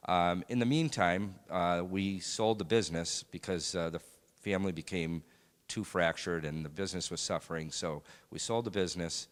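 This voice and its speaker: A man sharing a personal faith testimony in a church, speaking in a halting, reflective way with many pauses and fillers. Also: low voice. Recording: long hall reverb.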